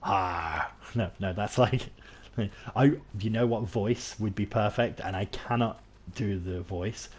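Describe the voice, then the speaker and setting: Speaking slowly, this man from England has a lowish voice with a breathy edge. He streams a game and chats casually over it, wandering off topic, joking at his own expense, and frequently starting over.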